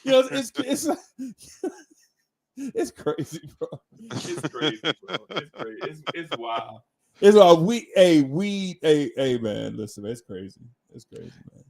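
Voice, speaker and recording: A man co-hosting a casual talk show, telling a story in an animated way, laughing often and repeating his words. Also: on the high side, slow, gravelly. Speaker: co-host.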